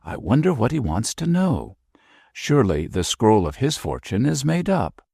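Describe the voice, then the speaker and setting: A man voicing a playful young army captain who banters and teases, his voice pitched a little above his own and a bit husky. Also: sing-song, normal speed, dark tone, no room sound, clean studio sound, exaggerated voice. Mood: teasing. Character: jaunty teasing young army captain, gentleman.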